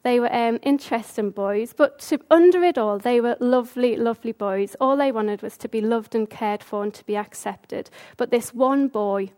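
A woman delivering an informal sermon in a chatty, brisk manner. Her voice sits slightly high, and she stumbles and restarts now and then as she speaks. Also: mellow. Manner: brisk, conversational, with fillers. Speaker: speaker giving a talk.

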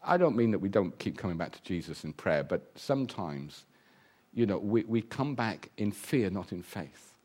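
A man preaching a sermon, lively and humorous, acting out the voices he quotes. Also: lowish voice, moderate pace, slightly rough.

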